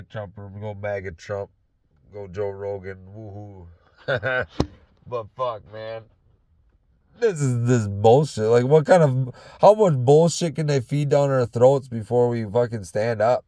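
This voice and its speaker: A man's voice: mid-range voice, a little mellow, no room sound. A man in his truck talking in a loose, rambling monologue, swearing heavily and slipping into a half-faked Southern drawl. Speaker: vlogger.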